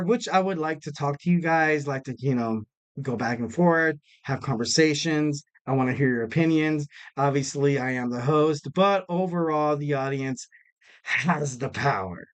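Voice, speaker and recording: A man with a slightly high voice hosts a wrestling podcast on his own, speaking at a normal pace. He rambles casually, packing in fillers and self-deprecating jokes.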